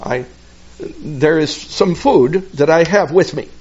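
A man slowly teaching a Bible passage verse by verse, patiently explaining each phrase and repeating himself. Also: fairly high pitch, animated, darkish tone, husky. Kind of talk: slow verse-by-verse Bible lesson. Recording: dull lo-fi recording.

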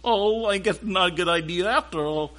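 A man voicing a self-centered, greedy boy puppet in a ventriloquist skit, talking in a slow, drawn-out sing-song. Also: high-pitched, fairly bright tone. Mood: scheming.

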